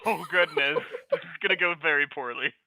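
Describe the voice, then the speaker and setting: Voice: mid-range voice, a little fast, vocal fry, pushed and bright, poor audio. A player in an online tabletop game, chatting casually and often amused, over a video call.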